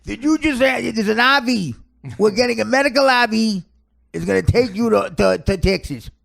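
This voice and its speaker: A man putting on the voice of an exasperated middle-aged father who rants loudly and rambles indignantly. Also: high voice, normal speed, creaky, pitched above the performer's own voice, exaggerated voice.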